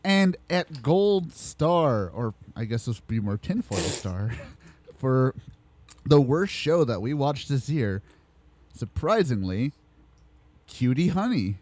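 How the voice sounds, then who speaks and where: A man hosting a casual chat show, his voice rising and falling a lot as he jokes, swears and laughs. He slows right down when he reads out the winners. The sound is close and dry, with almost no room. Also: mid-range voice, no echo. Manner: animated, swears, laughs often, slows to announce results. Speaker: podcast host. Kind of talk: casual chat, reading award results.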